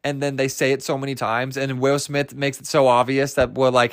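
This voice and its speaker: A man's voice: medium pitch, level tone, brisk, no echo, clean studio sound. A young man hosting a solo podcast, rambling in a goofy, self-amused way and laughing at his own jokes. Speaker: podcast host.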